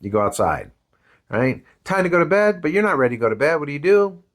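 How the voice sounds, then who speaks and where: A man's voice: on the high side, fast talker. A man teaching a parenting course, talking conversationally and acting out a story with quoted voices. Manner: conversational, tags lines with "right?" and "man"; animated, acts out voices in anecdotes. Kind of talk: lecture with storytelling.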